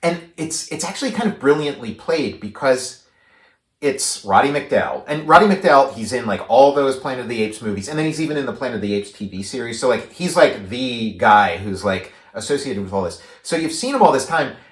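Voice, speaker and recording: Man, casual podcast co-host, rambling and filler-heavy, mid-pitched, roomy echo. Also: brisk. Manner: rambling, many likes and restarts, animated when paraphrasing. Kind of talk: casual movie discussion.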